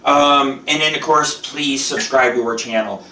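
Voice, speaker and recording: A man's voice: mid-range voice, a little slow, pushed and bright, far from the mic. A man hosting a live home cooking show, talking in a profane, boastful, rambling way. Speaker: show host. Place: home kitchen. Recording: roomy echo, off-mic.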